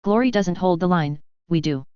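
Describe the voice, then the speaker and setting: A tough veteran woman soldier with a harsh, grating voice, as a woman reader plays her. Low and dry, from a slightly muffled recording. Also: moderate pace, clear, resonant tone, dry recording, close to an everyday voice. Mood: challenging.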